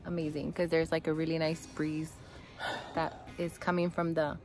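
A woman's voice: sits low, little pitch movement, normal speed, a little mellow, soft background music. A young woman chatting casually as she films a hike outdoors, easygoing and narrating what she sees around her. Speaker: vlogger on a honeymoon hike. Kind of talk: casual vlog chat. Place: outdoor nature trail by a creek.

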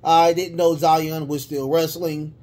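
Taking it slowly, the slightly high-voiced wrestling reviewer talks through his recap casually and loosely. There are rambling stretches, stumbling restarts and plenty of "uh" and "um," followed by bursts of excitement.

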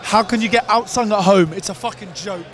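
An angry rugby fan swears and shouts through a street interview outside a stadium. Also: male voice, high-pitched, a little fast. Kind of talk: vox pop rant.

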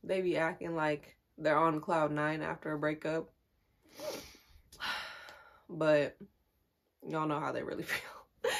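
A woman's voice: sits low, level tone, slow, vocal fry, pauses often. A young woman telling a personal story in a casual, confiding way, often laughing as she talks. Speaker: vlogger.

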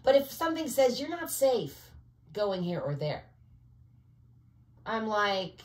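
A woman's voice: mid-range voice, very animated, takes it slowly, long pauses, echoey room. A woman talking to camera in a rambling, digressive monologue, often searching for words and filling with "you know.". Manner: conspiratorial, speaks in asides. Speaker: vlogger.

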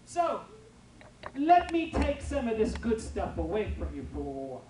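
A patient shepherd muses aloud and gently corrects his flock, as a male preacher voices him. He sounds thoughtful and instructive. The voice carries from a distance through a reverberant church, with faint room noise. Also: high-pitched, wildly swooping pitch, moderate pace. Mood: musing.

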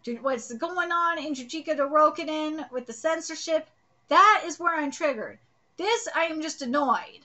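Woman, 30s, live manga reaction streamer, high voice, bright tense tone, excitable, swearing rants. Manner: excitable, ranting, swears freely.

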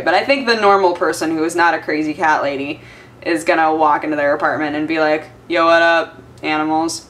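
A woman chatting casually in a home vlog, often slipping into high-pitched baby talk with her cats. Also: fairly bright tone. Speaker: vlogger. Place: home, indoors.

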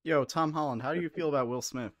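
A man's voice: a little high, quick pace. A man hosting a live-streamed comedy talk show, sounding playful and exasperated. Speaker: host.

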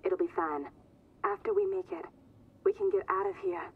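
A young woman on a crackly phone call in a game, her husky, breathy voice hushed and steady as she reassures, swinging widely in pitch. The sound is thin and tinny, like a phone line. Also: normal speed, full character voice. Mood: hushed, reassuring. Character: young woman calling on a phone, urging escape.

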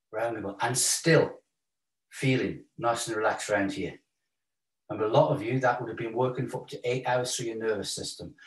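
A man leading a relaxed yoga and stretching session, calm and encouraging, counting breaths. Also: medium pitch. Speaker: yoga instructor. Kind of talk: guided stretching class. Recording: roomy echo, voice a bit far from mic.

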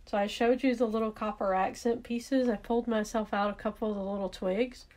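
A woman's voice: a little high, fairly even intonation, a little fast, darkish tone. A woman with a Southern accent, casually talking through a card-making demonstration, thinking aloud and correcting herself as she works. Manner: chatty, thinks aloud while working, self-correcting.

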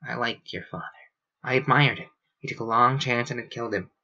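A man reading aloud, voicing a guilt-ridden male alien official who speaks in a choked, halting hush. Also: mid-range voice, muffled recording. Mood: choked, remorseful.

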